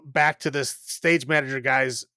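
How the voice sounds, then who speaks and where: Casual male podcast host, mid-pitched, chatty and meandering with plenty of "um" and "like", recorded dry and close. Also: steady tone, unhurried, pushed and bright, no room sound. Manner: rambling, filler-heavy, laughs often. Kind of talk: casual chat recapping a film.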